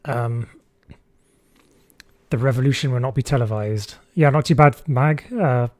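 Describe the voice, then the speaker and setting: A man's voice: mid-range voice, a little slow, dry recording. Chatty man streaming a game. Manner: relaxed, chatty, reads chat aloud, frequent fillers. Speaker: streamer host. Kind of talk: casual gaming livestream chat.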